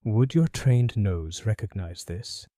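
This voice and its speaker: A cool-headed, sharp-eyed detective, played by a man in an audiobook mystery. He speaks in a crisp, measured way and presses gently with his questions. His voice is low, mellow and dry. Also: expressive, no echo. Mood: probing. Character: keen, cool-headed English male detective. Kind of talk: audiobook character voice.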